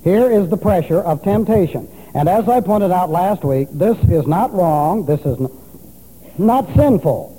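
Preacher, high-ish voice but dark sounding, spells greek words out letter by letter, big echoey church hall. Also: male voice, expressive, measured pace, husky. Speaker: pastor. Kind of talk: expository sermon teaching Greek grammar. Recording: long reverb of a large hall.

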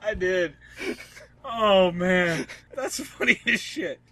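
A man's voice: sits high, takes it slowly, sharp tone, no echo. A man co-hosting a casual comedy podcast, rambling through crude jokes and laughing often. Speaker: podcast co-host.

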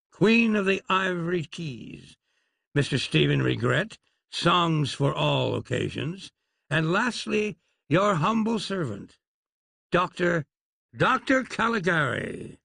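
A man's voice: fairly high pitch, vocal fry, fairly bright tone, no room sound, studio quality, voice pushed up, heavily acted. A man voicing a fussy, self-important male stage magician who speaks in grand, flowery phrases, in a storybook reading. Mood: grandiose.

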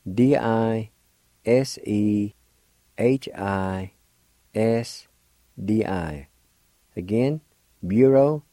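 A man's voice: lowish voice, dark tone, no room sound. A man hosting a radio language lesson, spelling words letter by letter and pronouncing them patiently. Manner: slow, deliberate spelling letter by letter; patient, encouraging teacher. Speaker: radio show host teaching language.

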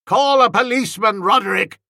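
A man's voice: sits high, fairly quick, creaky, bright, forceful tone, dry recording, clean studio sound, pitched above the performer's own voice, full character voice. A man voicing an irascible, fussy elderly male magistrate in an audiobook, speaking shrilly and indignantly. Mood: shrill alarm. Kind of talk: audiobook character voice.

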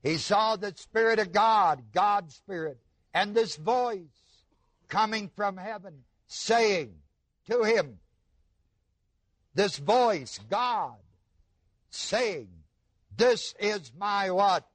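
Slow, high-voiced male preacher. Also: animated, a bit bright, no echo. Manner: slow, emphatic preaching with rhetorical questions to the audience. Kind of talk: sermon.

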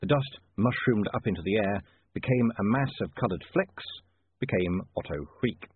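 A man narrating a story in a dry, measured storytelling manner. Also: on the low side, lively intonation, husky, dry recording. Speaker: audiobook narrator. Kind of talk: scripted narration. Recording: tinny dry phone-like line.

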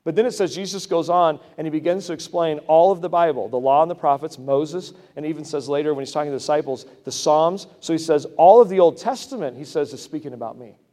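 A man preaching a sermon in a conversational way, breaking into loud emphatic bursts. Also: a little high, quick pace, few pauses. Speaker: pastor. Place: church sanctuary. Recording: long hall reverb.

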